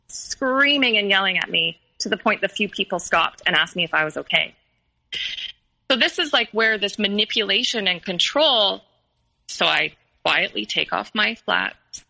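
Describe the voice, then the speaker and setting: Woman guest telling her story, halting and earnest, very bright sharp voice. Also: medium pitch, expressive, creaky, low-quality recording. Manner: earnest and halting, many pauses and restarts. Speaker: podcast guest. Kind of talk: personal storytelling interview.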